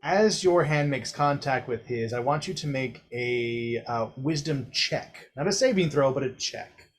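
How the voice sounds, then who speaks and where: A man acting as game master, narrating scenes calmly and in detail. His voice sits at an ordinary middle pitch. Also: unhurried.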